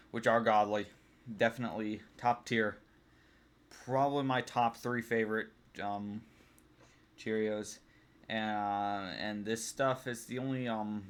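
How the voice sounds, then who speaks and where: A man's voice: fairly low pitch, fairly bright tone, clean tone. A young man talking casually as he ranks things, rambling with many ums and restarts. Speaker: vlogger. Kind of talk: casual tier-list ranking chat.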